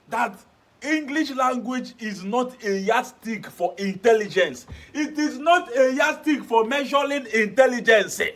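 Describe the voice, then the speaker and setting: Enthusiastic high-voiced Nigerian man. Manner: enthusiastic, earnest agreement. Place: television studio.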